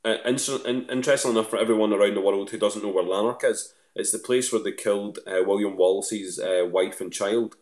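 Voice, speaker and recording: Scottish man with a low voice, chatty. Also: brisk, hardly any pauses, a little mellow, echoey room. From Scotland. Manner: chatty, rambling with many restarts and fillers. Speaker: guest. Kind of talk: casual chat.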